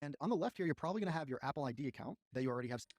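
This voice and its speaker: Male tutorial voice, very quick, dry and close, walks through steps. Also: a little high, lively intonation, a little mellow, dry recording. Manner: brisk, step-by-step instructions. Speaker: coding tutorial instructor. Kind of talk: scripted tutorial narration.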